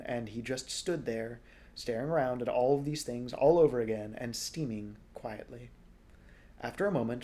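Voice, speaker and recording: A man reading a storybook aloud in a relaxed way, now and then correcting small slips. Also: medium pitch. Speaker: audiobook reader.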